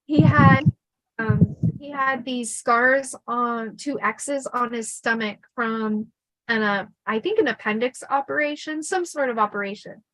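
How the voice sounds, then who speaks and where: A woman's voice: on the high side, measured pace, fairly bright tone, no room sound, poor audio. A middle-aged woman telling stories from her life in a casual chat, laughing often and restarting sentences. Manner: chatty, laughing, many fillers and restarts. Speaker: podcast host telling her life story.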